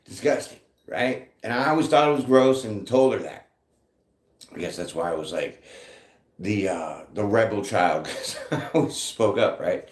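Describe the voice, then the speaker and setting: A man's voice: medium pitch, normal speed. A man hosting a live tarot chat, casual and joking, who reads out viewer comments as he talks. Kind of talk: casual live-stream talk. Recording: echoey room.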